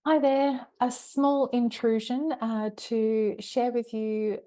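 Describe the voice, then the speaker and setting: A woman's voice: on the high side, flat delivery, slow pace, warm tone. Woman promoting her own book. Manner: apologetic, informal. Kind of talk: spoken self-promotion.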